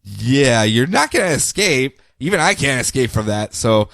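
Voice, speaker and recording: A man's voice: mid-range voice, sing-song, normal speed, creaky, a bit bright, no echo, clean studio sound, pitched below the performer's own voice. A man voicing a smug alien god who talks down to a captive hero. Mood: dismissive.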